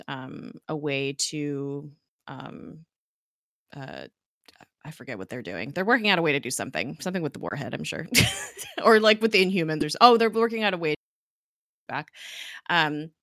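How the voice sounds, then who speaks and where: A woman's voice: low-pitched, sing-song, moderate pace, a bit bright, dry recording, studio quality. A woman host chatting casually through a TV episode recap, giggling often and filling with "like". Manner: giggly, chatty, lots of "like" fillers. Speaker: podcast host.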